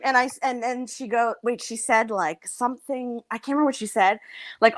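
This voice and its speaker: A woman with a fairly high voice tells a gossipy story in casual chat. She laughs often and acts out what others said. The sound is close and dry, with little room. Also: brisk, no room sound.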